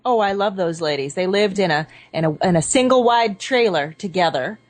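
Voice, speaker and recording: A woman's voice: mid-range voice, expressive, fairly quick, dry recording. A woman who is a guest on a radio show, chatting playfully and laughing easily. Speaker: guest, energy-work teacher. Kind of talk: casual radio chat.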